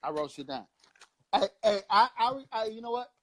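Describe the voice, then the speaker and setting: A man's voice: sits high, sing-song, normal speed, a bit bright. A man in his thirties from Long Beach, California, co-hosting a casual political chat show with impassioned, profane, rambling preaching. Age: 30s. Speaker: co-host.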